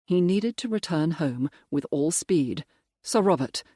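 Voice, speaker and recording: Measured audiobook narrator, dry sound. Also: medium pitch, lively intonation, warm tone, no room sound. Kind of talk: scripted narration.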